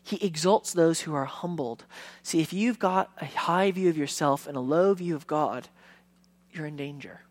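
A man's voice: on the high side, normal speed. Passionate male pastor preaching. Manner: passionate, swings from hushed to loud emphasis; conversational, with casual fillers. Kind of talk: sermon.

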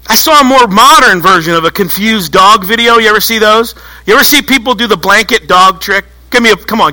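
Bright high-voiced preaching man. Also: fairly quick, low-quality recording. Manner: animated storytelling, acts out voices. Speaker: pastor. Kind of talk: sermon. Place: church.

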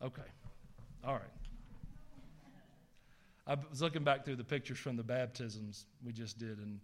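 A man's voice: medium pitch, a little slow. A middle-aged man with a Southern US accent, preaching a sermon as pastor, emphatic and folksy. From American South.

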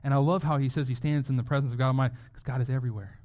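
A man's voice: mid-range voice, very fast. A middle-aged man preaching a sermon in a casual, conversational way, acting out quotes from the people in his story. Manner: conversational, animated, acts out quotes. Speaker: pastor.

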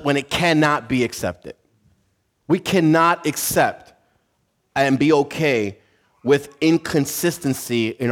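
Male pastor, higher-pitched, animated sermon delivery with acted-out story voices. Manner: animated, acts out voices in a story, laughs at own jokes.

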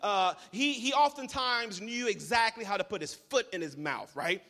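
A man preaching a sermon as pastor, telling the story with humor and animated asides. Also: high voice, moderate pace. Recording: large hall reverb.

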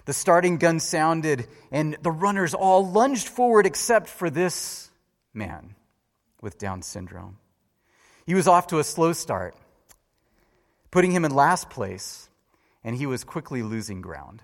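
A man preaching a sermon with a fairly high, very animated voice that rises to loud peaks and drops to a near hush. His words ring out with the long reverb of a large hall. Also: unhurried. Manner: storytelling, swinging from loud lively peaks to hushed low lines.

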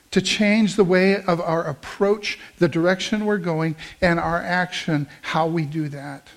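A man preaching a sermon, telling a story and praying, dropping soft for calm quoted lines and rising when he prays. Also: high-pitched, normal speed. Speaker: pastor. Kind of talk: sermon with closing prayer.

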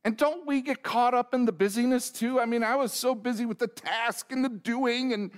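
A man's voice: very high voice, moderate pace, hardly any pauses, clear, resonant tone. Storytelling middle-aged male pastor. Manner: self-deprecating storyteller, acts out dialogue; asks the congregation direct questions. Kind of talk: sermon with a humorous personal story.

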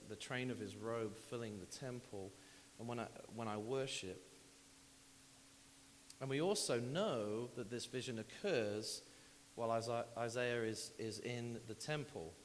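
A man preaching in a church sanctuary, talking to the congregation in a conversational, animated way and repeating phrases for emphasis. His voice sits at a middle pitch. A long hall reverb trails his words, and a faint hiss runs under the recording. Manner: conversational, animated, with asides and repetitions. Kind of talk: sermon.

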